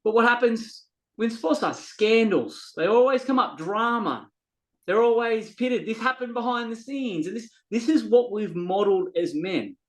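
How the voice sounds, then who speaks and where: Here the Australian men's coach, again a podcast guest, sounds a bit bright and high, with lively intonation and a moderate pace, though the recording is rough. His delivery stays heartfelt and anecdotal, with the occasional repeated word as he gropes for the right one.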